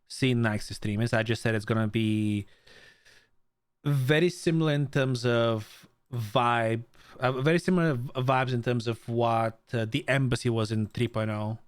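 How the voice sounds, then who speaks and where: Smooth and medium in pitch, a young adult man from Bulgaria chats casually on his live stream. He greets chatters by name, swears without holding back, and stammers through repeated restarts.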